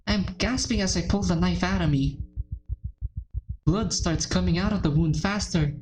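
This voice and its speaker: A woman's voice: mid-range voice, expressive, normal speed, darkish tone, a little hiss or hum, low-quality recording. Woman, let's play host, reads game text aloud, gasps and swears in shock, emotional, mid-range voice. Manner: emotional, gasping and swearing in shock between read passages. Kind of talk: reading a visual novel aloud with reactions.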